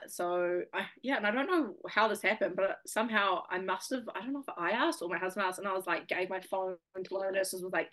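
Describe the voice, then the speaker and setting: A woman's voice: medium pitch, fairly bright tone. A young woman with a New Zealand accent, a guest chatting casually in an interview, full of fillers and laughs.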